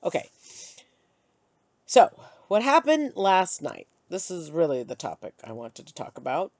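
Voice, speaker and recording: A middle-aged woman vlogging, chatty and animated as she tells and vents about her day. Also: fairly low pitch, unhurried, dry recording. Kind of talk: casual storytelling to camera.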